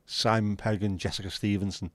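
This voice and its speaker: On a livestream, a man with a low, steady voice talks briskly with his live viewers in casual, curse-filled banter. There's no room sound in the recording.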